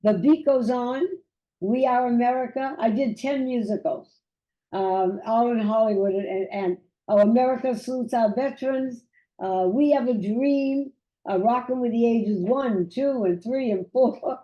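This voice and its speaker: An older woman and great-grandmother chatting as a guest, a lively storyteller who repeats words as she goes. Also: fairly high pitch, a little slow, reverberant. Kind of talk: casual chat. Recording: dull lo-fi sound.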